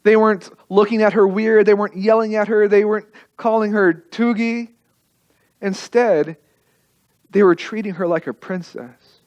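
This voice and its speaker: A male pastor telling a story in a sermon, emotive, repeating phrases and dropping soft at key moments. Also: sits high, fairly even intonation, normal speed, muffled recording.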